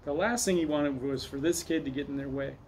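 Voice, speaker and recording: Guy reading a kids chapter book out loud, steady and clear, slightly higher voice. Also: a little fast, a little hiss or hum, rough recording. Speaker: reader. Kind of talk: storybook read-aloud.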